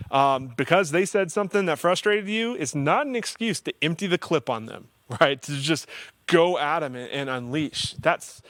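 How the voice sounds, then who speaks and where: A man's voice: fairly high pitch, a bit bright, no echo. A man hosting a counseling livestream, giving a casual faith-based teaching talk in a conversational, earnest way with self-deprecating humor.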